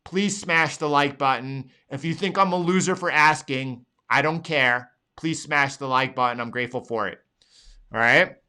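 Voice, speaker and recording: A man's voice: medium pitch, moderate pace, sharp tone, clear, resonant tone. A man hosting a trading show, walking through charts live and talking in an emphatic, repetitive way, at times pleading with viewers. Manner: emphatic, pleading, repeats phrases. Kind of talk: live market analysis.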